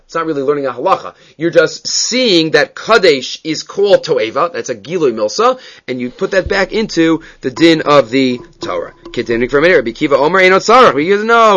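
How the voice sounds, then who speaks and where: Man teaching Talmud, slightly high voice, reads texts then explains, dull lo-fi recording. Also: fairly bright tone. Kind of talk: Talmud class lecture.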